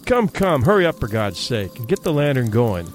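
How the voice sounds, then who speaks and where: A jumpy young hunter snaps back in quick, defensive bursts, as a male narrator voices him. Faint music plays underneath. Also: medium pitch, big pitch swings, close to an everyday voice. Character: young city hunter, nervy. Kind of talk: audiobook character reading.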